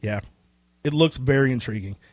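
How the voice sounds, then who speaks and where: A man co-hosting a casual pop-culture podcast. He talks in a rambling, excitable way with casual swearing, and his voice is getting hoarse. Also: medium pitch, normal speed, dry recording. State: losing his voice. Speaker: podcast co-host. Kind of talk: casual chat.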